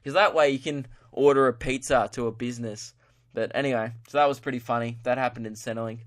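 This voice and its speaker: A man's voice: medium pitch, fairly even intonation, fast. An Australian man hosting a comedy podcast, telling stories in a casual rant, swearing freely and breaking into laughter as he acts out what people said. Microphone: podcast mic.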